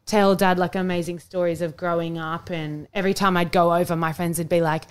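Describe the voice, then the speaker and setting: Chatty Australian woman, lowish voice. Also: fairly even intonation, brisk, smooth. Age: young adult. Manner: chatty and emotional, many restarts and "like"s. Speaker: podcast co-host. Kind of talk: casual chat.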